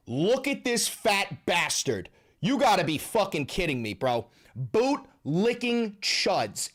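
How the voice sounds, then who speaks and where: A man hosting a live stream in casual chat, ranting excitably with a lot of swearing. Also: fairly high pitch.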